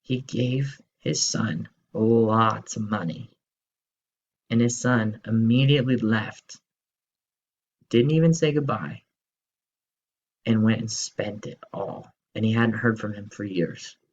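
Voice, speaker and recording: A male teacher telling a story to children in an expressive, slow storytelling manner. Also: on the low side, lo-fi sound.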